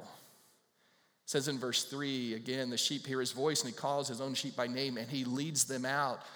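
Man, pastor, sermon, animated, asks the congregation questions, slightly high voice, long hall reverb.

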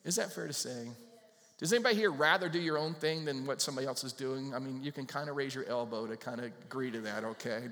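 Animated male pastor in a reverberant hall. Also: a little high. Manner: animated, acts out voices, asks the congregation questions. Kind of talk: sermon.

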